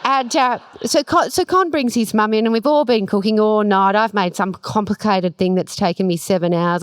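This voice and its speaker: A woman moderates a festival panel in a mid-pitched voice. She asks questions and tells a chatty, amused story. The recording is close and dry. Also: clean tone, no echo. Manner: chatty, amused anecdote-telling. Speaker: panel host.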